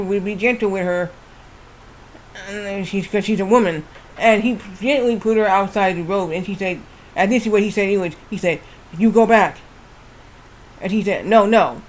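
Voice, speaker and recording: Male streamer, rambling casual game commentary, high-pitched, swears freely.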